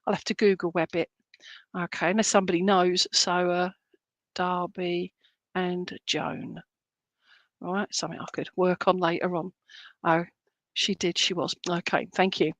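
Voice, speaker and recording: Chatty spiritualist medium, dry sound. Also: female voice, lowish voice, little pitch movement, fairly bright tone, dry recording. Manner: halting, searching, full of fillers and restarts; relays spirit messages in a chatty, jokey way. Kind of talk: clairvoyant reading in an online church service.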